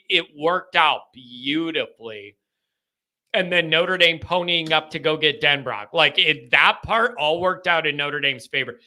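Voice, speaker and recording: A man, hosting a call-in sports show, joking and laughing often. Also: fairly high pitch. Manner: excitable, jokey, laughs often. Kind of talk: casual call-in chat.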